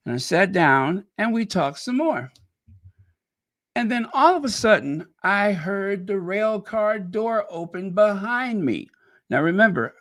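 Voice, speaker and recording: A middle-aged man from Chicago hosts his own channel in a loose, conversational monologue. His voice sits a little high, and he wanders through his story with animated asides and laughs at his own jokes. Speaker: channel host.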